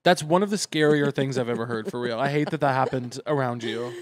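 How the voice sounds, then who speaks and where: A man's voice: medium pitch, a little fast. A man chatting casually as a podcast host, telling stories in a wry, blunt way with some swearing. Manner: wry storyteller, blunt and profane. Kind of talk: casual chat.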